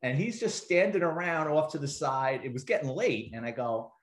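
Storytelling ex-cop guest, roomy echo. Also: male voice, on the high side, animated, normal speed. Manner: acts out quoted dialogue, swears casually. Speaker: interview guest, retired police detective and author. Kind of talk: casual anecdotal storytelling.

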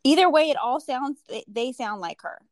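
A woman's voice: sits high, expressive, moderate pace, no echo, studio quality. A woman co-hosting a podcast, chatting casually and laughing often. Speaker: podcast co-host. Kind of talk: casual chat.

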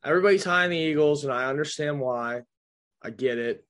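A man's voice: on the high side, a little fast, a bit bright. A young man hosting a casual football podcast, joking and swearing loosely with his co-host. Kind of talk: casual sports chat.

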